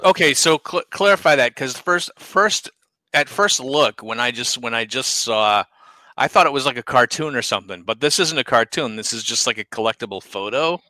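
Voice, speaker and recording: A man with a Boston accent co-hosting a casual chat, wry and quick to laugh, with exasperated asides. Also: medium pitch, animated, bright, forceful tone, dry recording, low-quality recording. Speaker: podcast co-host.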